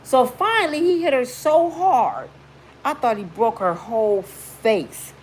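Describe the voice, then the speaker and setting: Her voice sits a little high and she takes her time, with a slight hiss or hum in the background. This vlogger tells her story casually and bluntly, full of slang and emphasis, and acts out quotes in animated shrieks.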